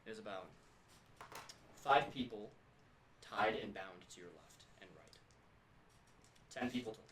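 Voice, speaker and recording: A man with a low voice narrates a tabletop role-playing game as game master, painting each scene quickly. He sounds like he is in an echoey room. Steady background noise runs behind him.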